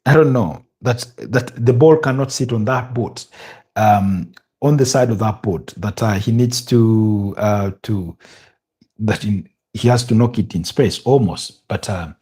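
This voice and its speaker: A man's voice: lowish voice, unhurried, dark tone, breathy edge. A tired man from Uganda doing a live football watch-along, thinking aloud with hesitations and repeated words. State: tired, yawning. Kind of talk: live match commentary and chat.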